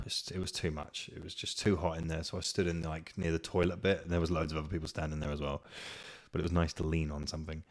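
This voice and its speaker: Deep-voiced young man chatting on a podcast. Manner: chatty storytelling with swearing and laughs. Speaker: podcast host. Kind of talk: casual solo podcast chat.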